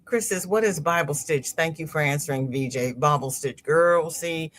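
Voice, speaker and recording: Chatting casually on her crochet livestream, a woman with a low, fairly bright voice reads viewer comments aloud at normal speed. She laughs a lot and repeats words as she goes.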